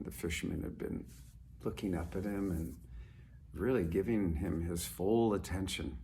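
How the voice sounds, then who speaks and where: A man telling a story in an unhurried, conversational way, pausing and restarting as he goes. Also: deep voice, creaky, dark tone, slight background noise.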